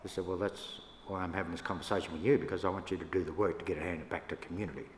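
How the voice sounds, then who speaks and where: An older Australian man, a First Nations elder, telling stories to an audience in a relaxed, yarning way with laughs between them. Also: sits low, racing. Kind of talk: storytelling talk to an audience. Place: church hall. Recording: echoey hall, faint room noise.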